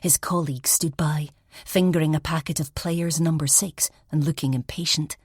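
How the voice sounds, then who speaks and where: A woman narrating a first-person audiobook in a soft, reflective manner, often dropping toward a whisper. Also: low voice, steady tone, moderate pace, breathy edge, no room sound, clean studio sound.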